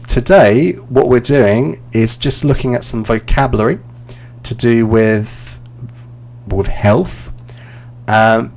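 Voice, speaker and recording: A man's voice: mid-range voice, darkish tone. A man in his thirties from London with a London accent, teaching English on a live stream in a casual, chatty way and answering viewer questions as he goes. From London, England.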